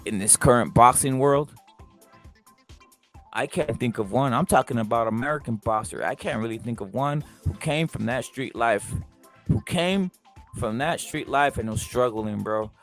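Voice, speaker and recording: Animated, profane male boxing talk host. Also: medium pitch. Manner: animated, profane, repeats rhetorical questions. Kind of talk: live boxing talk stream.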